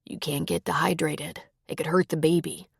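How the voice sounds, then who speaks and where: A woman voicing a grieving young husband who stays gentle and protective, speaking in a soft, lowered, steady voice. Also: normal speed, vocal fry, slightly rough, no room sound, studio quality.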